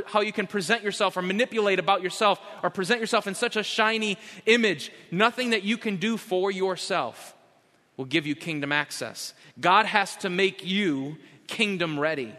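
A male pastor delivers a sermon in a high, bright voice. He is emphatic, slowing down and repeating key phrases. The sound carries a long church-hall reverb. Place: church sanctuary.

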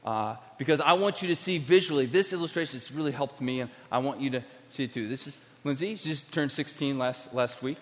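A man preaching a sermon to a crowd, with a volunteer on stage, talking directly and animatedly, going from quiet asides to emphatic declarations. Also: medium pitch, fairly quick, few pauses. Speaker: pastor. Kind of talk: sermon with live demonstration. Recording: long hall reverb.

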